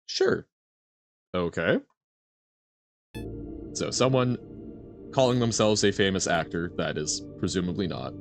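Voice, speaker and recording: A man streaming a game, chatting casually with his audience in an animated, rambling way that keeps correcting itself. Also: low-pitched, measured pace, long pauses, soft background music. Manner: animated, rambling, self-correcting, answers chat. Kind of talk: casual live-stream chat while gaming.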